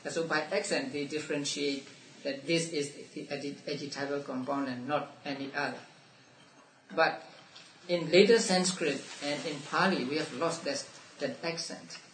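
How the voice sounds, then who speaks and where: A man's voice: a little high, fairly even intonation. Male Buddhist teacher in a roomy class. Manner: halting, with many restarts and soft laughs. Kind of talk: explaining a text to a study class. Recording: roomy, distant mic, faint room noise.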